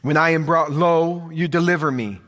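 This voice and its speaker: A man's voice: on the high side, normal speed, fairly bright tone. A man preaching a sermon in an earnest way, repeating phrases for emphasis. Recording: long hall reverb.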